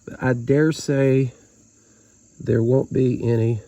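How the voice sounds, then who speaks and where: The speaker is a man with a Southern Appalachian accent, a DIY boat-repair vlogger giving casual how-to narration as he fixes a boat sitting on the ground outdoors. He jokes in a folksy way, his mid-range voice warm, steady and slow. The audio is dull, with no room sound.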